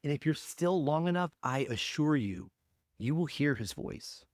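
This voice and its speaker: A male pastor preaching a sermon in a conversational, emphatic way, swinging between loud peaks and hushed, quiet drops. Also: fairly high pitch, lively intonation, moderate pace, no echo.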